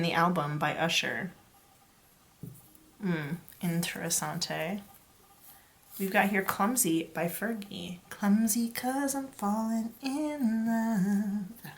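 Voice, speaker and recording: A woman's voice: on the low side, a bit bright. Chatty woman giving a tarot reading. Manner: free-associating, chatty and playful, addresses viewers as "you guys". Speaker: tarot reader. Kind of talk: casual pick-a-card tarot reading.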